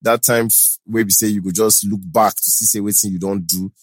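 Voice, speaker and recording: A man's voice: fairly low pitch, steady tone, a little fast, no echo. A Nigerian man speaking as a guest actor in a casual chat, confident and advising, mixing pidgin into his English. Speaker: actor and event host, guest.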